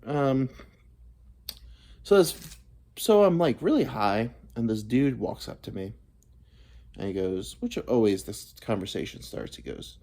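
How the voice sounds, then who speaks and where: A man's voice: medium pitch, dark tone. A man in his thirties, vlogging a rambling, profane comic monologue that drifts between topics. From United States. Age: 30s. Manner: profane, meandering, self-deprecating.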